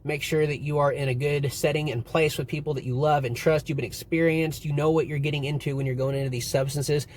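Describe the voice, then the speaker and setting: Young male vlogger, somewhat high voice, rambling, sweary storytelling, faint background noise. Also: fast, few pauses. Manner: rambling, swearing, animated retelling. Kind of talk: casual storytelling to camera.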